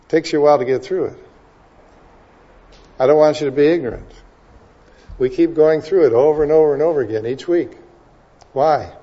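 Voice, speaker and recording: A pastor with a fairly high, mellow voice preaches over dull-sounding audio. His sermon is full of rhetorical questions, and he swells to emphatic peaks while quoting scripture references in rapid succession.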